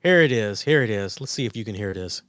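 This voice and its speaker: Excitable rambling man, dry close sound. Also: lowish voice, fast talker, dry recording. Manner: rambling, excitable, profane storytelling. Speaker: podcast co-host. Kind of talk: casual chat.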